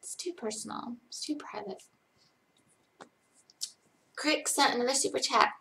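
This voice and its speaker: A young woman casually answering chat questions on a live stream, hesitant, with frequent ums and pauses. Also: sits high, vocal fry, bright, forceful tone.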